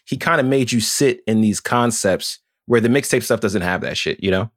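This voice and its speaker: A man co-hosting a podcast in casual chat, animated and profane, acting out quotes in put-on voices. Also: on the low side, normal speed, no echo, clean studio sound. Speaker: podcast co-host.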